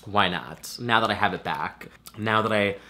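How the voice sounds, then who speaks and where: A man's voice: fairly low pitch, normal speed, sharp tone. A young man with a nasal voice chatting casually and swearing often, recovering from a swollen throat. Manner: chatty, swears a lot, many "like" fillers. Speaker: vlogger. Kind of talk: casual chat.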